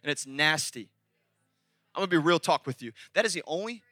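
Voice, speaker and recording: A man preaching a sermon as pastor, animated and conversational, shouting at the high points. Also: fairly quick, dry recording.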